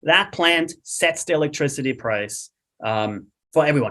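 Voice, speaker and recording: A man talks through an explanation in a loose, conversational way, checking in with "right?" as he goes. His voice sits a little higher than most men's. He leans on fillers and pushes through quick bursts. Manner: lively, fillers like "you know" and "right?".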